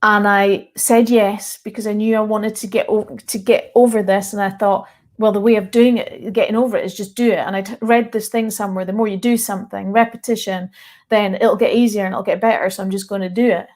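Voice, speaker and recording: A woman's voice: mid-range voice, fairly even intonation, brisk, a little mellow. A woman with a Scottish accent, speaking to viewers as a mindset coach. She talks earnestly and candidly and is close to tears, with breaks of laughter. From Scotland. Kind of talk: personal story told to viewers.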